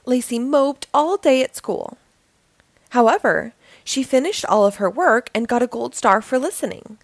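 A woman hosting a storytime, reading a children's book aloud in a lively, expressive way. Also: on the high side, normal speed, dry recording. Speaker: storytime host.

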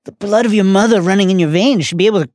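A man reading aloud as a fussy, flattering old male potions teacher, drawing out his coaxing words. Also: high-pitched, very fast, dry recording, studio quality, voice pushed up, close to an everyday voice.

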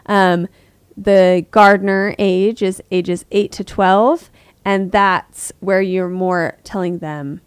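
A woman's voice: mid-range voice, no room sound. A woman in her thirties co-hosting a parenting podcast, chatting casually and acting out quoted voices. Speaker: podcast co-host.

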